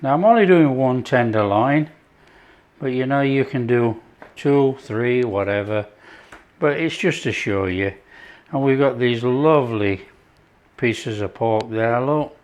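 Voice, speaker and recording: A man's voice: mid-range voice, a little slow. A man hosting his own cooking show, chatting casually as he prepares a dish. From not France. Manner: chatty, relaxed, talks while working.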